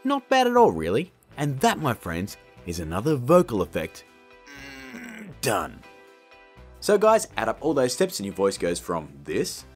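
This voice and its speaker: Lively, chatty man hosting a tutorial. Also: medium pitch, measured pace, faint music behind. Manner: chatty and upbeat, with jokey asides. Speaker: video tutorial host. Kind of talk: casual editing tutorial.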